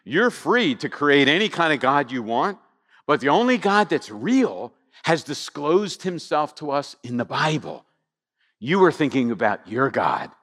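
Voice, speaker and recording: A man preaching a sermon, animated and conversational, full of rhetorical questions to the congregation. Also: medium pitch, big-room sound. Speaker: pastor.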